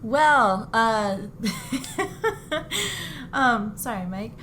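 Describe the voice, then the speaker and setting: A woman's voice: a little high, extremely slow, a bit bright, a little hiss or hum. A woman co-hosting a casual podcast, giggly and hesitant with many ums. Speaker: podcast co-host.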